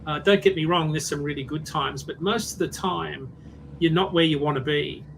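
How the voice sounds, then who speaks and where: A man's voice: a little high, normal speed, creaky, a little hiss or hum, poor audio. A man who used to drive trucks, reflecting in a casual podcast chat and often checking in with "right?".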